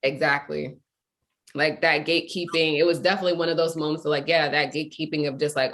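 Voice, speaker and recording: A young adult woman, a guest in casual conversation, telling a story in animated, quick bursts. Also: low-pitched.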